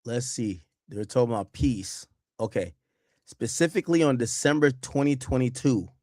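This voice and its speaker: A man hosting a podcast in casual chat, excitable and slangy, swinging between low mutters and loud outbursts. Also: normal speed, dry recording, clean studio sound. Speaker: podcast host. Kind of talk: casual chat reacting to clips.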